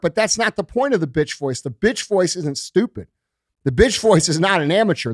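A man's voice: high voice, no room sound, studio quality. A man hosting a motivational podcast, talking bluntly and profanely and ending points with "okay?". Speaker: podcast host. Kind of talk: motivational monologue.

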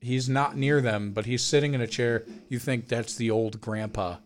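A young man holds court in a casual podcast chat, spinning an anecdote with plenty of cursing. He slips into the voices of the people he quotes. His voice sits at an ordinary, mid-range pitch. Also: moderate pace. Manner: animated storyteller, swears freely, mimics people he quotes. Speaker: podcast co-host.

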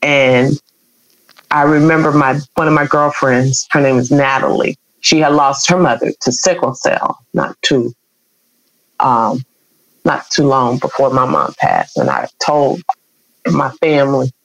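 A woman's voice: very deep voice, lively intonation, unhurried, poor audio. A middle-aged woman, earnestly telling an emotional personal story as an interview guest. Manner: emotional, earnest, acts out quoted voices.

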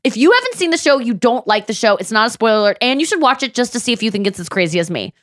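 A woman comedian hosting a podcast from her home studio, retelling a story in a rambling, excitable way and laughing and swearing often. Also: a little high, rapid-fire. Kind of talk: casual podcast chat.

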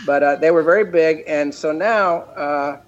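A man's voice: a little high, normal speed, highs cut off, soft background music. Rambling man, guest on a chat show. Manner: rambling, many restarts. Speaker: guest, cartoon creator. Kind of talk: casual interview chat.

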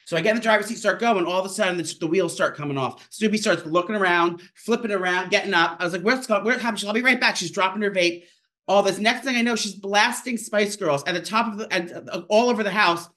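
Fast, bright-voiced chatty man. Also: high voice. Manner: rambling storyteller, fast and chatty. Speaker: podcast co-host. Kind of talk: casual chat. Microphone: home microphone.

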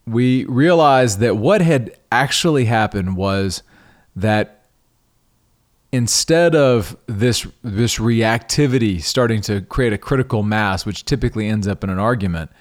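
A middle-aged man hosting a podcast, telling a personal story in a conversational way, often restarting and repeating words. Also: on the low side. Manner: conversational, restarts and repeats words, animated when quoting himself. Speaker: podcast host.

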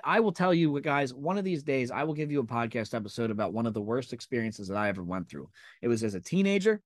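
A man's voice: mid-range voice, no room sound, studio quality. A man in his thirties hosting a podcast, giving an intense, profane and emphatic motivational monologue. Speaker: podcast host.

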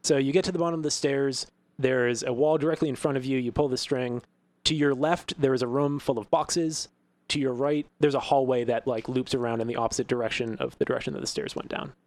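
A man's voice: medium pitch, fairly even intonation, brisk, a little mellow, no echo. A man narrating as game master of a tabletop game, describing scenes loosely with fillers and frequent chuckles.

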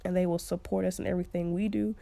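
A woman's voice: on the low side, level tone, quick pace, gravelly, warm tone, dry recording. A young woman hosting a podcast, giving casual advice in a chatty way and laughing often. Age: young adult. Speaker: podcast host.

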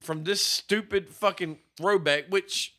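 A young man co-hosting a casual, profane movie-review chat, animated and swearing freely. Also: high voice, slow. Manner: animated, swearing, mimics characters in quotes. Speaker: podcast co-host.

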